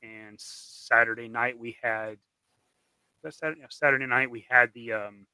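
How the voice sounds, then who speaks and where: A man with a very bright, sharp-edged voice talks easily as a guest on a chat stream. He is laid-back and often restarts his sentences. The recording is dry and close. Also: mid-range voice, fairly even intonation, moderate pace, clean tone, no echo, low-quality recording. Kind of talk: casual chat.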